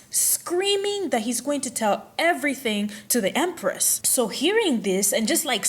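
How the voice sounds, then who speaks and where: A young woman hosting a casual history vlog, retelling events with dramatic flair and playful asides. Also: a little high. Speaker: history vlogger.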